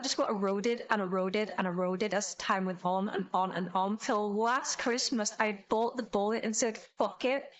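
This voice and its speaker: Young woman, streamer, casual reaction commentary, excitable, rambling, swears a lot, slightly high voice. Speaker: VTuber streamer.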